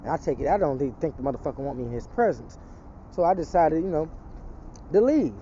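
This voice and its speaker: A man's voice: a little high, lively intonation, quick pace, warm tone, highs cut off, slight background noise. A man telling a personal testimony in casual street talk, rambling and profane, slipping into an emphatic preaching tone.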